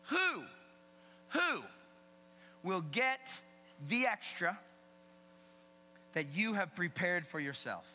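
A man preaching a sermon as a pastor, emphatic and animated, swinging between loud emphasis and hushed asides. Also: high voice, slow pace, long pauses. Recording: long hall reverb with faint mains hum.

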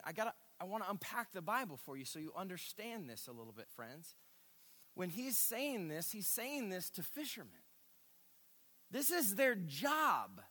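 A man pastor preaching a sermon in a church sanctuary, with emphatic bursts and hushed asides. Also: sits high. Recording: reverberant hall.

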